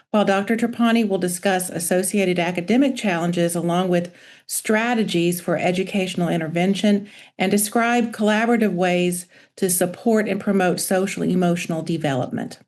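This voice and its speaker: A woman pediatrician presenting a medical webinar lecture over a video call in a measured, informative way. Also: lowish voice, darkish tone. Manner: measured, informative, reading from slides.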